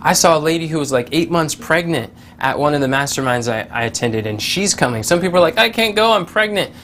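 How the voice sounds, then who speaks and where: A man giving a casual motivational talk, telling stories with lively quoted voices and many fillers and restarts. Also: fairly high pitch, quick pace, a little hiss or hum. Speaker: motivational speaker.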